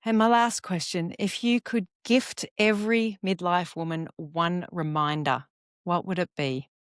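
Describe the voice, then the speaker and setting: A middle-aged woman hosting a podcast interview, warm and effusive, often restarting her sentences. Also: lowish voice, steady tone, measured pace, clear, resonant tone, no echo, clean studio sound. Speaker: podcast host. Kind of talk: casual interview chat.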